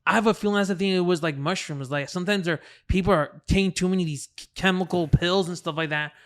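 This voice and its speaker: Male podcast host; halting, filler-heavy questions, slightly high-pitched. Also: a bit bright. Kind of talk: casual podcast conversation.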